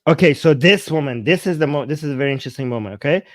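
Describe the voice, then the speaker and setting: A man giving casual commentary while translating a video, halting and often restarting his sentences. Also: on the high side, noisy background. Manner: halting, with frequent restarts and repeated words.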